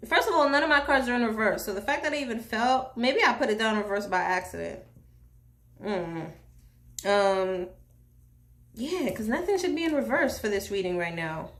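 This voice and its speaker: A woman from Haiti giving a casual tarot reading, slangy and chatty with jokey asides. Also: a little high. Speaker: tarot reader.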